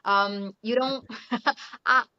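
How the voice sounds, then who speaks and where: Chatty Brazilian woman, higher voice. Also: steady tone, very slow, bright, forceful tone. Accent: Brazilian Portuguese. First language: Portuguese. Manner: chatty, laughs often, many "you know" fillers. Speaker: guest, English teacher. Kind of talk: casual interview chat. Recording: muffled lo-fi audio.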